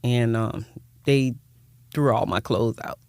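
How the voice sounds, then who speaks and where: Older woman, gravelly voice, heartfelt and rambling, close dry mic. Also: a bass voice, takes it slowly, a little mellow, no echo. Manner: rambling, heartfelt, repeats words. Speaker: guest, nonprofit founder. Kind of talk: personal storytelling in interview.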